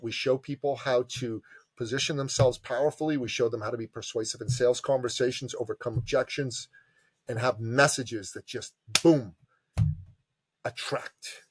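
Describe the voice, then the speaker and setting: A man, an entrepreneur advisor and podcast guest, telling stories with passion and emphasis and acting out quotes in lively voices. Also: medium pitch, breathy edge, no room sound. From immigrant to Canada from a tyrannical country. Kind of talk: animated storytelling interview.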